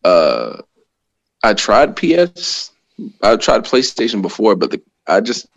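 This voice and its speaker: A man's voice: on the low side, sing-song, slow, gravelly, dry recording, dull audio. A man guesting on a podcast as a pro wrestler, talking in a laid-back, easygoing way with frequent laughs. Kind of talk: casual chat.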